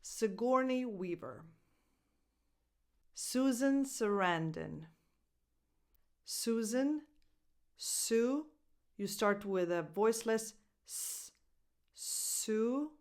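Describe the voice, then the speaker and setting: A woman coaching English pronunciation, repeating each word slowly and carefully and spelling out its sounds. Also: fairly high pitch, expressive, a little mellow. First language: Italian. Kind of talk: pronunciation lesson.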